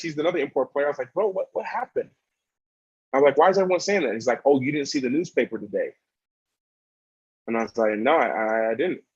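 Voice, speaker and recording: A man's voice: medium pitch, slightly rough, no room sound. A man in his thirties telling a personal story as a motivational video, earnest and emphatic, repeating key phrases. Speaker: motivational YouTuber. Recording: dry, slightly dull sound.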